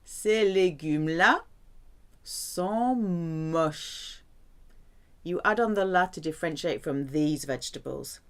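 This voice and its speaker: A woman teaching a language lesson, slowly drilling phrases and humming placeholder sounds between words. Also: low-pitched, animated. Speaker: French teacher.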